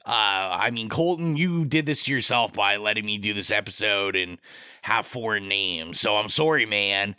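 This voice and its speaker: Male podcast host, bright and crisp, chatty and self-mocking, dry close mic. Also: on the low side, moderate pace, no echo. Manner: chatty, self-deprecating, jokey. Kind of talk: casual podcast chat.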